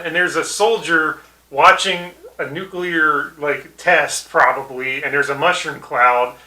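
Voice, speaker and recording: A man's voice: steady tone, unhurried, bright, forceful tone, echoey room, rough recording. A man co-hosting a casual episode review, laughing often and acting out quoted lines. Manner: laughs often, acts out quoted lines in high put-on voices. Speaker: podcast co-host.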